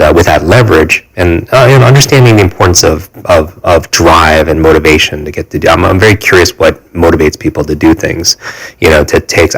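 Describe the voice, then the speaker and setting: A man in his forties with a very deep, low voice tells a personal story as a podcast guest. He speaks earnestly, stopping and restarting often with fillers, and his pitch stays fairly flat. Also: rough recording.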